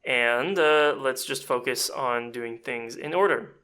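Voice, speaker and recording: A man giving a chatty, self-deprecating audio editing tutorial, explaining step by step as he clicks through software. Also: mid-range voice, slow pace, smooth. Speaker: voice actor and casting director.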